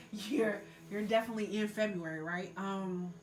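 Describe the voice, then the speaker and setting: A woman's voice: medium pitch, unhurried. A woman giving a casual tarot reading, loose and full of fillers, earnestly urging the listener to let go. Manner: loose and filler-heavy, many likes and ums. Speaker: tarot reader.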